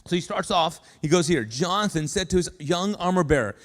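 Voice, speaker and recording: A man preaching a sermon to a congregation, animated and talking to the room, acting out the lines he quotes. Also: sits high, brisk, hardly any pauses. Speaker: pastor. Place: large church hall. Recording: live sermon with long hall reverb.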